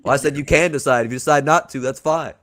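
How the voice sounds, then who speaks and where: A fast-talking man with a medium-pitched, fairly bright voice hosts a podcast, pitching a wrestling storyline he wrote. He walks through it casually, laid-back and joking, sometimes crude.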